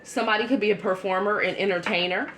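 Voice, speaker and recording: A woman giving a casual tarot reading to her viewers, chatty and blunt, with quick asides. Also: mid-range voice, fairly even intonation, a bit bright, slight background noise. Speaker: tarot reader.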